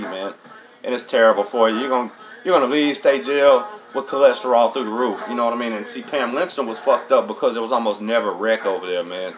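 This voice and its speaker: A middle-aged man telling stories in a loose, streetwise way, cursing freely and ending phrase after phrase with "man." His voice sits at an ordinary male pitch. A crowd murmurs clearly behind him. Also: rough recording. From Texas. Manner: streetwise, profane, peppers every line with "man". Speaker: host. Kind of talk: casual storytelling monologue.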